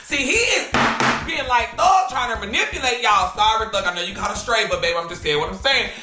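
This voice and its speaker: A man hosting a drama commentary show, talking in a sassy, slangy, animated gossip style. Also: sits high, brisk, soft background music. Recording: roomy echo.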